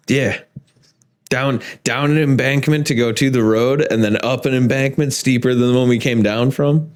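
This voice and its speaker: A young man hosting a podcast, telling a story in a casual, profane, animated way with frequent laughter. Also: mid-range voice, normal speed. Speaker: podcast host.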